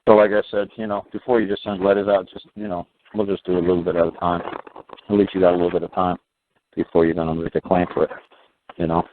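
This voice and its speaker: A man's voice: low-pitched, little pitch movement, quick pace. A man hosting a call-in show, rambling bluntly through stories with plenty of swearing. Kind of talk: rambling phone talk, anecdotes. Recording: tinny phone line with faint hiss.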